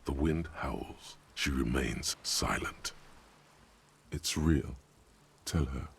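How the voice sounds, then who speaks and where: An actor voicing the grave male narrator of a detective game, telling the scene in a measured, somber way. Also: a little hiss or hum, exaggerated voice. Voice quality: deep and gravelly. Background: game music playing clearly.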